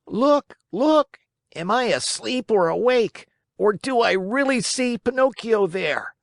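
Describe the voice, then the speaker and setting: A man voicing an excited wooden male puppet clown who yells wildly. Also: very high-pitched, normal speed, no room sound, studio quality, voice pushed up. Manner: yelling wildly.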